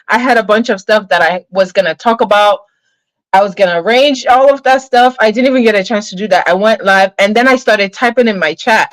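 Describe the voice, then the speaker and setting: A fairly high-voiced woman talks to her livestream chat in an animated, chatty way, breaking off her venting to greet viewers. The sound is dry and close, with no room around it. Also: no room sound, rough recording. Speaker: livestream host.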